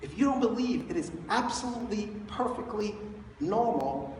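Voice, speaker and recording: Animated pastor in an echoey hall. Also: male voice, high-pitched, moderate pace, slight background noise. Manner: animated, storytelling with playful asides. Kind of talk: Easter sermon. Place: large church sanctuary. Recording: echoey church hall, distant mic.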